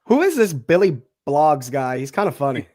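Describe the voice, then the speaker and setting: A man's voice: on the high side, sing-song, moderate pace, a little mellow, dry recording, clean studio sound. A man with a slightly raised voice chats eagerly on a live stream. He is talkative and keen, often stumbling over the start of his sentences. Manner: eager, chatty, stumbling restarts. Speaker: guest, the host's son. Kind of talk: casual live-stream chat.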